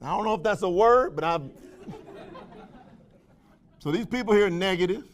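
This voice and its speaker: High-voiced energetic man rallying a crowd. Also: moderate pace, a little hiss or hum. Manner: energetic, call-and-response questions to the crowd; folksy, slangy phrasing with frequent laughs. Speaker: motivational trainer for a sales company. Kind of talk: motivational speech to a live audience.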